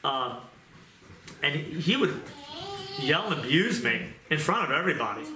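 A man's voice: fairly high pitch, very animated, measured pace. A man preaching a testimony sermon, telling his story earnestly and repeating his points for emphasis. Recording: echoey room with loud noise.

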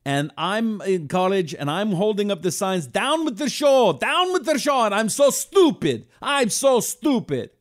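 A man's voice: high-pitched, animated, measured pace, hardly any pauses, pitched above the performer's own voice. Man doing an emphatic Iranian-accented businessman. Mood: rueful. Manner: emphatic, repeating himself. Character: earnest immigrant casino owner, middle-aged man.

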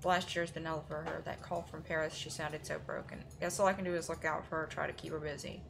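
A woman's voice: deep voice, level tone, fast talker, gravelly, noisy background. A woman streaming a horror game live, reading notes aloud and reacting with sudden exclamations.

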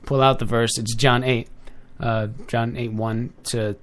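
Young man, casual DJ-style talk, rambling, keeps correcting himself, mid-pitched voice. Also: level tone, measured pace, a bit bright, slight background noise. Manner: rambling, with frequent self-corrections and filler; chatty and direct with listeners. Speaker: online radio DJ and host. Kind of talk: casual off-the-cuff talk show. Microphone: headphones with a desk mic.

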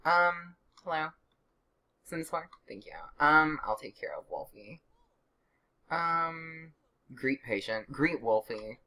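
A woman's voice: low voice, lively intonation, slow, long pauses, pushed and bright. A young woman casually narrating her life-sim gameplay, chatty and sarcastic, with exasperated outbursts. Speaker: let's play gamer.

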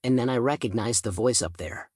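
A man narrating a first-person audiobook in a steady storytelling manner. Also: mid-range voice, brisk, no echo, clean studio sound.

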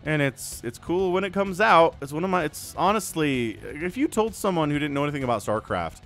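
A man's voice: on the high side, animated, fairly quick, fairly bright tone, soft background music. A man casting a strategy video game on his own, chatty and full of joking asides. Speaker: game shoutcaster. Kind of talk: casual solo game commentary.

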